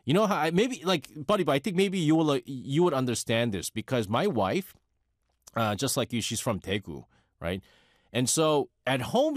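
A man in his forties with a New York accent, chatting casually as a radio host, animated and talkative, often laughing and correcting himself. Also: mid-range voice, no room sound, studio quality. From United States. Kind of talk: casual radio talk, answering a listener letter.

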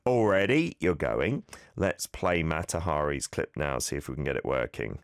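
A man hosting a casual radio language lesson from a studio, animated as he corrects pronunciation with repeated examples. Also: rumbling low, moderate pace, gravelly, smooth, dry recording. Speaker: radio host teaching Korean.

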